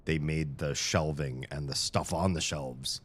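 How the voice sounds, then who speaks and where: A man's voice: extremely low pitch, fairly even intonation, measured pace, slightly rough. A tired man hosting a live stream in casual chat, rambling and joking with frequent stammered restarts, into a studio microphone in a room with shelves.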